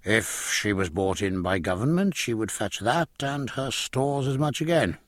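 A man voicing a shrewd older uncle who speaks slowly and dryly. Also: fairly low pitch, lively intonation, a bit bright, no echo. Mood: knowing. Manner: slow, calculating, dry.

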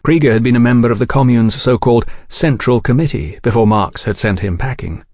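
A man reading a novel aloud in a measured, even audiobook narration. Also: mid-range voice, no room sound, studio quality.

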